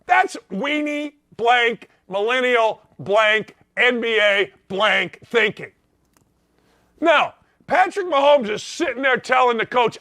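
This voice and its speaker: A middle-aged man hosting a sports show, ranting in a loud, blunt, sarcastic way. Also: high-pitched, expressive, unhurried, dry recording.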